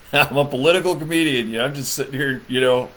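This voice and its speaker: A man's voice: medium pitch, fast, a bit bright. A man, a political comedian, rambling through a crude comedic rant, laughing often and leaning on fillers. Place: Michigan.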